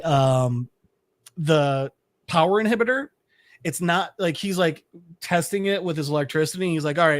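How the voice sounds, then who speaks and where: Animated man recapping a comic, higher voice. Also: dry recording. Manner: animated storyteller, swears freely, laughs at his own asides. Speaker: podcast co-host. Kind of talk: casual podcast chat recapping a comic.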